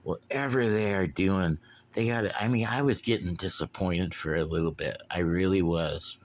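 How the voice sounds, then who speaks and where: Solo podcast host, man, low-pitched, profane and laid-back rambler. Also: normal speed. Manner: profane, blunt, drinking beer while talking.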